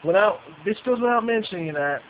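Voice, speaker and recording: A man's voice: high-pitched, lively intonation, a little fast. A man giving a casual, profane ranting review, repeating himself and restarting sentences. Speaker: movie reviewer. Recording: dull lo-fi with faint hiss.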